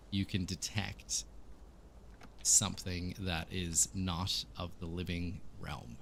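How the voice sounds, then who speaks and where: A man with a deep, low voice running a tabletop game as game master. He describes scenes haltingly, often correcting himself and filling gaps with "like" and "um". A faint hum sits behind him. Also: fairly bright tone. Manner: hesitant, many fillers and self-corrections.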